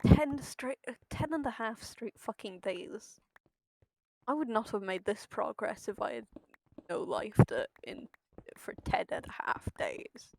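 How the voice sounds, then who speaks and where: A woman's voice: on the high side, expressive, unhurried, creaky, darkish tone. A woman streaming a game, chatting casually with her viewers and swearing freely. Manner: chatty, swears freely, talks to chat while playing.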